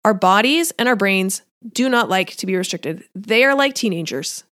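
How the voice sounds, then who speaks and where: A nutrition and diet coach speaks conversationally on her solo podcast at normal speed, her medium-pitched, fairly bright voice full of lively intonation. She laughs lightly and acts out what listeners might think. The studio-quality recording has no echo.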